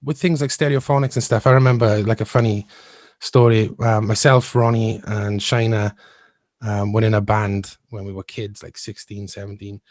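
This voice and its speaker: A musician in his thirties, appearing as a guest in a casual storytelling interview, rambles through his tales, restarting often and laughing as he goes. His voice is on the low side, flat and darkish, at normal speed with no echo.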